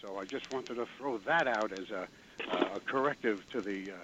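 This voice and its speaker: A man's voice: fairly low pitch, normal speed, very noisy. A man calling into a radio show, precise but hesitant with fillers. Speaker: caller. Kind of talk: phone-in call. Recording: dull phone line with clicks.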